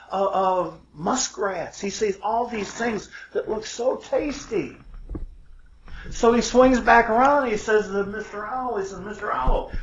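A man's voice: high-pitched, fairly bright tone. A man telling a fable in a folksy, digressive way, wandering into amused asides. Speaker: storyteller. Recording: roomy, dull lo-fi recording.

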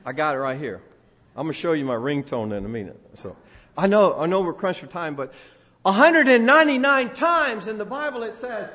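High-voiced older man preaching in a hall. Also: very animated, a little fast. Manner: swings between loud preaching and quiet asides; sings a few lines of a song. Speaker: pastor. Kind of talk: sermon. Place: church. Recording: long hall reverb.

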